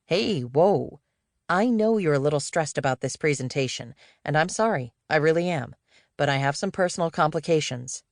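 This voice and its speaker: A woman's voice: low-pitched, expressive, normal speed, no echo, clean studio sound. A woman voicing a laid-back, evasive middle-aged male executive who talks in a casual, breezy way. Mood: earnest.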